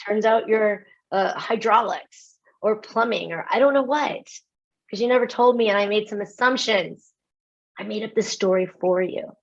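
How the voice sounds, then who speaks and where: An animated American woman speaks as a keynote speaker in a webinar, self-mocking and quick with her asides. The audio is slightly dull and lo-fi, the kind typical of an online talk. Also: mid-range voice. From United States.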